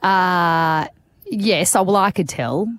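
Lowish-voiced woman radio host. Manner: chatty, quick to joke, leads the calls. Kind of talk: casual radio chat.

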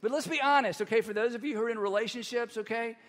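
High-voiced pastor in a reverberant church. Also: male voice, quick pace. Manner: conversational and animated, with playful asides. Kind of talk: sermon.

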